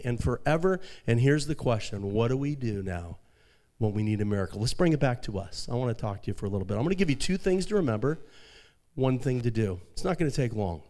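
A man preaching a sermon as pastor, telling a story softly and then rising into fervent, high-pitched preaching.

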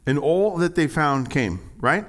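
A man preaching a sermon, animated and jokey, swinging from quiet asides to loud, high exclamations. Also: measured pace. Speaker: pastor.

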